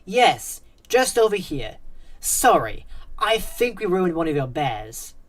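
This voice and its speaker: A woman's voice: lowish voice, big pitch swings, takes it slowly, distant mic, exaggerated voice. A woman reading the lines of a busy, apologetic father at a children's party.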